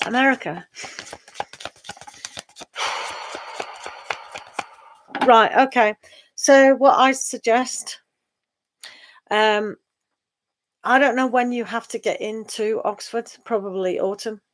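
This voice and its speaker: Her voice is a little high and a bit bright: a middle-aged British-accented woman from England who reads tarot. In a chatty, slow, drawn-out way, she talks with her live-stream viewers, letting out sighs and laughs as she goes.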